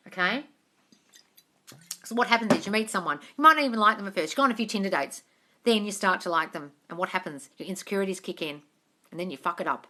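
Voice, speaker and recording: A woman's voice: mid-range voice, bright, forceful tone. An Australian woman coaching on a live stream, reading viewer comments and answering them bluntly with plenty of swearing and calls of darling.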